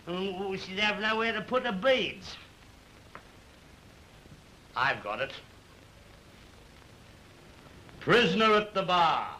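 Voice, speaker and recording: A man's voice: fairly high pitch, bright, forceful tone, a little hiss or hum, poor audio. A boisterous cockney-style king. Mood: mocking. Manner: chatty, bossy, full of slang. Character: excitable working-class man made king, cheeky and boisterous.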